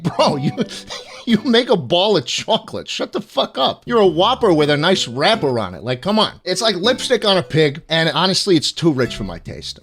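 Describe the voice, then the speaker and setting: A man hosting comedic candy-ranking commentary from his home setup, crude and sarcastic, swearing freely with mock-outraged deadpan jokes. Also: sits high. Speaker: host.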